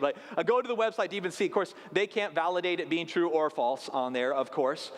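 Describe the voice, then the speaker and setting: A high-voiced male pastor from South Dakota, in his late 30s, delivers a sermon in a church sanctuary. He's very animated and a little fast, telling stories conversationally with asides to the congregation. The recording carries a long, echoing hall reverb.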